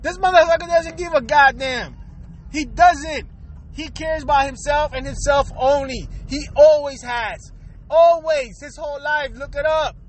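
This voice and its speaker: A man's voice: very high voice, measured pace, a little hiss or hum, low-quality recording. An angry man in a profane, streetwise political rant, cursing hard and talking straight to the viewer.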